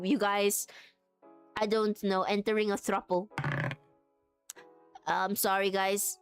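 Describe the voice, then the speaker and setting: A young woman chatting on a live stream in a middle-pitched voice, giggly and rambling as she thinks aloud. Soft music plays faintly underneath her talk. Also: smooth. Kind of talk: casual live-stream chat.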